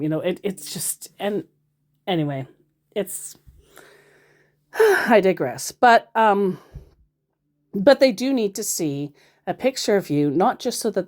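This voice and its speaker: A woman's voice: lowish voice, a little mellow. A woman vlogger giving casual commentary while reading chat messages, rambling and wry and interrupting herself. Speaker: scambaiter vlogger.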